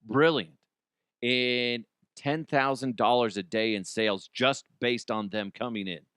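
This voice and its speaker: Bright, crisp-voiced male comedy host. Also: fairly even intonation, a little slow, no room sound, clean studio sound. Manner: self-mocking, jumps into high squeals for jokes. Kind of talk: casual comedic monologue with ad reads.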